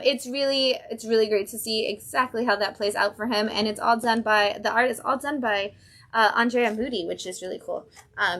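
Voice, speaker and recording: A woman's voice: medium pitch, fairly bright tone. A woman hosting a casual livestream from a comic shop, chatting enthusiastically about new comics with lots of fillers.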